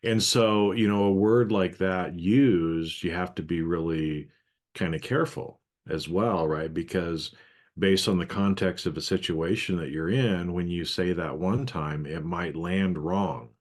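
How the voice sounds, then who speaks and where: A man co-hosting a podcast, talking things through in a reflective, halting way in casual conversation. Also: low-pitched. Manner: reflective, speaks in short halting phrases. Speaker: podcast co-host.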